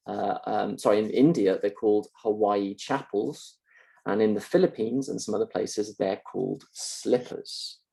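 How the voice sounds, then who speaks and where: A man's voice: fairly low pitch, gravelly, warm tone, husky, poor audio. A man giving an explanatory university mock lecture in a conversational way, with fillers and restarts.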